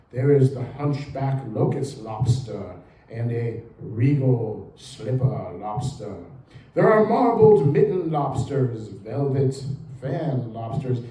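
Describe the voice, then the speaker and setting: A man putting on a put-on British accent to play an older male nature documentary narrator, reading slowly and dramatically in a roomy hall. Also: medium pitch, mellow, distant mic. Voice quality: slow, measured, dramatic narration. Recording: roomy hall with faint ambience.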